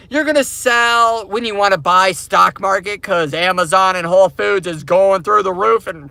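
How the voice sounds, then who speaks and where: A man rants to his viewers from his parked car, hammering the same points over and over like a preacher. His voice sits high and bright with a gravelly edge. The sound is close and dry. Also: normal speed, hardly any pauses, no echo. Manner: repetitive, emphatic, preachy. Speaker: crypto mining channel host. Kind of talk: casual ranting monologue to viewers.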